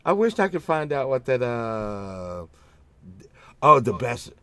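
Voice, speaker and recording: A man's voice: medium pitch, very animated, slow, sharp tone, a little hiss or hum. A man hosting a casual show, telling meandering stories with lots of fillers and the odd swear word. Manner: acts out his own past remarks in a raised voice. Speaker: host. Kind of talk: casual rambling chat.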